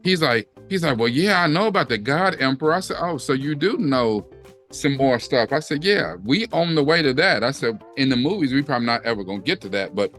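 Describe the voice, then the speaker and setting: A man's voice: medium pitch, expressive, a little fast, a bit bright, faint music behind. A middle-aged man, co-hosting a casual chat and acting out quotes as he tells a story. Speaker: co-host.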